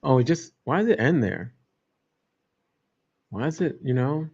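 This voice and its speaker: A man's voice: medium pitch, lively intonation, measured pace, a little mellow, husky. A man hosting a casual livestream, rambling and joking as he chats with viewers. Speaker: livestream host. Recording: dull lo-fi stream audio.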